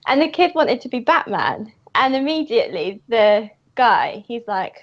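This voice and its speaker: A woman's voice: fairly high pitch, measured pace. A woman, a guest comic creator, telling casual anecdotes with frequent giggles. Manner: giggly, lively storyteller. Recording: muffled lo-fi audio.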